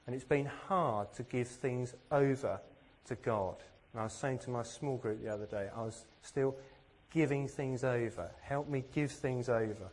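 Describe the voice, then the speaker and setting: A man's voice: mid-range voice, normal speed, hardly any pauses, darkish tone. A man from England giving a sermon, earnest and self-deprecating, with plenty of rhetorical questions. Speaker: preacher.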